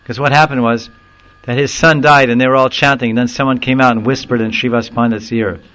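A man giving a devotional discourse, explaining verses and telling a story in an animated way, now and then acting out the people in it. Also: medium pitch, poor audio. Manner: animated storyteller who acts out quoted voices and chuckles; recites Sanskrit verse slowly, then explains it. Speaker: spiritual teacher.

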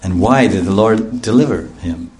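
A man telling a devotional story to an audience in a lively, animated way, laughing often and breaking into loud chanted calls. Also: lowish voice, normal speed. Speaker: storytelling speaker at a devotional class.

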